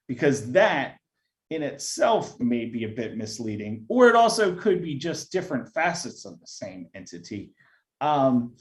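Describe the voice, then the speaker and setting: A man, a filmmaker, answering audience questions in a casual live Q&A, halting often with fillers and restarts. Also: medium pitch, darkish tone.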